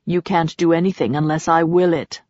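A woman's voice: deep voice, steady tone, normal speed, darkish tone, no room sound, voice pushed down. Woman voicing a snarling, cruel god Priapus. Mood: menacing. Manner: snarling, contemptuous. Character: arrogant, cruel male god, scornful and menacing. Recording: slightly muffled.

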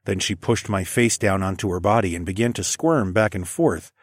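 A man reading a first-person story in a low, slightly husky voice, calm and measured. The recording is close and dry, with no room sound. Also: no echo. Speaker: narrator.

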